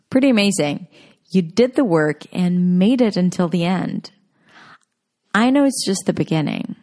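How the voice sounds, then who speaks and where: A woman narrating a scripted pronunciation lesson, speaking clearly and deliberately as she models example sentences. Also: mid-range voice, mellow. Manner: slow, clear, deliberate demonstrations. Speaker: pronunciation teacher.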